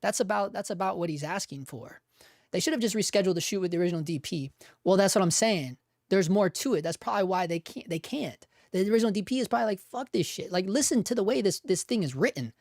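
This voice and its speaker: A man's voice: high-pitched, lively intonation, fast talker, no echo, studio quality. A young man hosting a casual livestream, swearing freely and ranting hard, often repeating himself and chuckling as he reads viewer comments. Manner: profane, fired-up ranting with lots of repeated words. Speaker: host.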